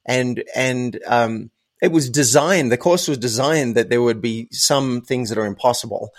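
A man's mid-range voice moves at a measured pace as he tells personal anecdotes on a podcast, casual and conversational but emphatic, repeating words for emphasis.

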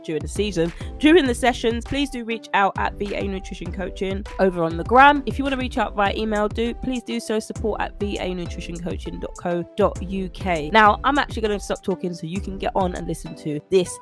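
A woman with a medium-pitched voice hosts her own nutrition coaching podcast, talking briskly and with few pauses over background music. In this casual solo monologue she chats animatedly to listeners and laughs a lot.

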